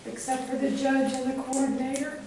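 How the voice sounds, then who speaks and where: High, flat-voiced woman stating rules. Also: fairly quick. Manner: matter-of-fact, stating rules. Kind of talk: announcement to a group. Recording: echoey room from far off with noise.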